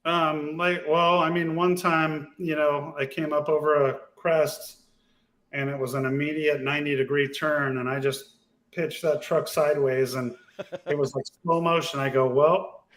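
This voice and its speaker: A man's voice: a little high, normal speed. A man speaking as a podcast guest, telling racing stories in a laid-back, casual way. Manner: laid-back storyteller, animated when retelling races. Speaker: guest, off-road racer.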